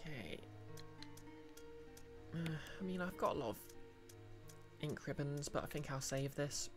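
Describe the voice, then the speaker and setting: A woman's voice: sits low, expressive, measured pace. Chatty woman streamer, Midlands-Welsh accent. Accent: mixed Midlands and Welsh. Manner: chatty, reads and answers chat, self-deprecating asides. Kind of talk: live gameplay commentary. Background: game music.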